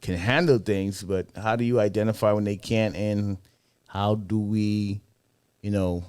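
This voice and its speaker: Deep, smooth-voiced man asking earnestly. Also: fairly even intonation, unhurried, darkish tone, dry recording, studio quality. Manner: searching, full of "you know what I mean". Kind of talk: casual discussion.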